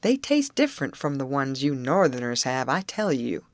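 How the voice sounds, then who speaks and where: A woman voicing an easygoing Southern male farmhand who speaks in an unhurried drawl with rural grammar. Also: rumbling low, big pitch swings, dry recording.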